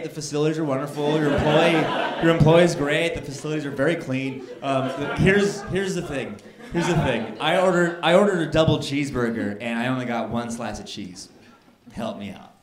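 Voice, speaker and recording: A man doing stand-up comedy, telling a story with animated, exasperated rants to a live audience. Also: on the high side, fairly quick. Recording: roomy live club sound, crowd audible.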